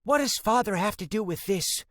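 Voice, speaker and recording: A man narrating an audiobook, voicing a distraught middle-aged mother in a high, strained, pleading voice. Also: animated, moderate pace, a bit bright, no echo, studio quality. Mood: shocked.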